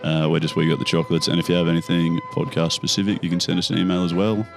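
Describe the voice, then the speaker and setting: A man's voice: deep voice, little pitch movement, fast, gravelly, over music. A man with an Australian accent co-hosting a podcast, rattling off quips and reading out the show's links. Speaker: podcast co-host. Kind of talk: casual chat.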